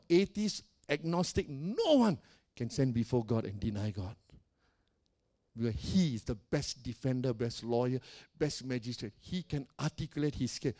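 A man preaching a sermon as pastor of a church, calling out to the congregation and swinging between soft and loud. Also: a little high. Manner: preaching with call-and-response and dramatic swings in volume.

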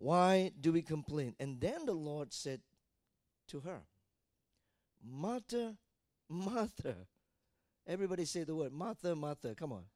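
A man preaching a sermon as pastor, asking rhetorical questions and building to shouted fervor. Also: on the high side, lively intonation, a little slow, pauses often, dry recording, clean studio sound.

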